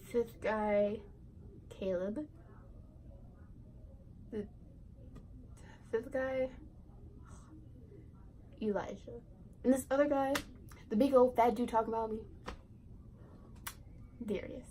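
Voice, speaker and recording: A woman's voice: on the high side, steady tone, slow pace, long pauses, mellow, slight background noise, low-quality recording. A teenage girl vlogger telling a casual storytime, rambling and giggly, full of "like" and "right". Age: teens.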